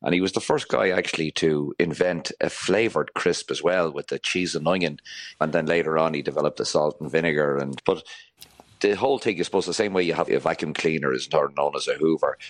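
Very deep-voiced Irish food historian man. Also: fairly quick, dry recording. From Ireland. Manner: chatty, laughing, with many fillers. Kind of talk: interview answers.

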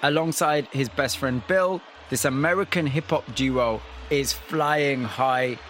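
A man presenting a radio show, narrating a script and interviewing a guest in a measured, empathetic way. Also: medium pitch, fairly bright tone, a little hiss or hum.

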